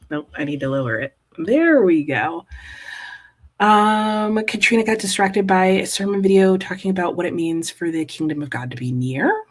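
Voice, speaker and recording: A woman hosting a live reading stream, chatting casually and reading out viewers' comments with frequent "ooh"s and "uh"s. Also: mid-range voice. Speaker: livestream host reading chat.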